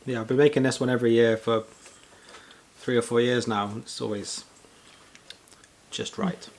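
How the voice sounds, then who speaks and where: A man's voice: mid-range voice, normal speed, slight background noise. A man answering briefly and dryly beside his partner in a home vlog. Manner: brief, dry replies. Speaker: vlogger's partner.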